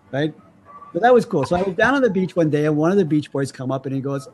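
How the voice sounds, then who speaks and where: Lively man telling stories with noise behind. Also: fairly high pitch, fast talker. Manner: animated storyteller acting out voices. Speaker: guest. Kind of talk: casual interview chat.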